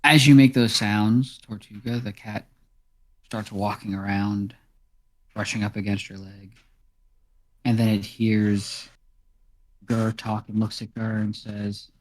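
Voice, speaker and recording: A man's voice: on the low side, flat delivery, slow, pauses often. A man narrating a tabletop role-playing game as game master, in a casual, chatty way.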